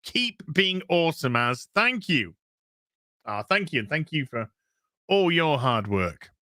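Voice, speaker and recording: A man's voice: a little high, big pitch swings, measured pace, pushed and bright, no echo, clean studio sound. A man hosting a casual live stream, reading out donations and thanking viewers in a loose, crude, jokey way.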